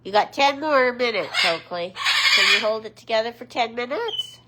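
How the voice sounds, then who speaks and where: Parrot channel host, woman, animated pitch, coos to her birds, loud noisy home setup with bird clicks. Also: moderate pace. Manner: switches to high sing-song baby talk for her birds. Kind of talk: casual livestream chat.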